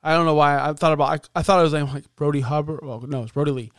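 A man co-hosting a casual wrestling podcast, talking in an animated way and acting out quotes in a raised voice. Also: fairly high pitch, fast, no echo, studio quality. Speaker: podcast co-host.

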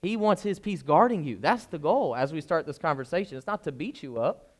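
A man's voice: a little high, lively intonation, a little fast. A young adult man, a pastor, giving an informal sermon and often checking that his listeners are following. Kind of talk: conversational sermon.

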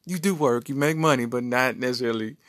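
A man voicing a sassy, quick-tongued wife who teases her husband with a giggle. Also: mid-range voice, a bit bright, no room sound, voice pushed up, lightly acted.

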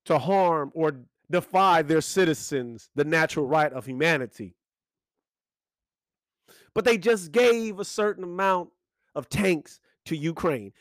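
Casting: a high-voiced man who swings his pitch widely, speaking in a profane rant, close and dry. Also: no room sound. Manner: animated, profane, ranting with emphatic repetition. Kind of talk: profane monologue.

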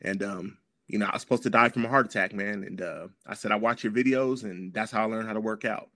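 Low-voiced man telling a slangy story. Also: fast, dry recording, studio quality. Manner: slangy, animated, clears throat often. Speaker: podcast guest. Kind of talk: casual storytelling conversation.

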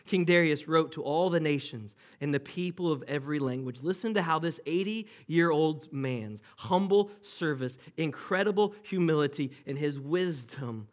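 A man preaching a sermon in a church, moving from hushed, dramatic pauses to playful asides for the congregation. His voice sits a little higher than most men's. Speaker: pastor.

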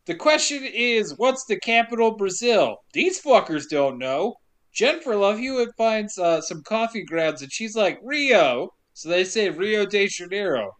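A man's voice: sits high, normal speed. A man co-hosting a casual podcast, recapping a movie with lots of laughter and acted-out quotes. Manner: animated, laughs often, acts out quotes. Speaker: podcast co-host.

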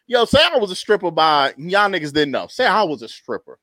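A young man and podcast co-host telling an animated comedic story in casual chat, laughing often and constantly checking in with his listeners. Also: on the high side, brisk, no echo. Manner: animated storytelling with constant laughs and "you know what I'm talking about".

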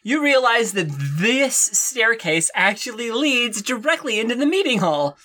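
A woman narrating as game master of a tabletop game in a relaxed way. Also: on the high side, a little slow. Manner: relaxed, laughing often.

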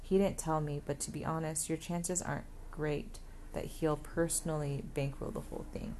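A middle-aged mother in a storybook reading, dry and matter-of-fact, speaking plainly and firmly, as a woman narrator voices her. Her voice sits low. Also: steady tone, moderate pace, dark tone, a little hiss or hum, close to an everyday voice. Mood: warm.

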